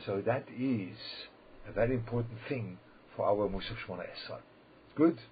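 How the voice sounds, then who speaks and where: A man giving a holiday sermon as a religious teacher, speaking haltingly, often repeating words and restarting, and checking in with his listeners. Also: fairly low pitch, a little hiss or hum. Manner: checks in with listeners, asking "yeah?". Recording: slightly dull lo-fi recording.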